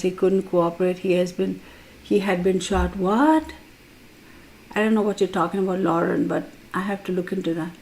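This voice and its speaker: A woman's voice: mid-range voice, a little mellow. A woman hosting a tarot live stream, chatting casually, rambling through a story and reading out viewer comments. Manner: laughs as she tells a personal story.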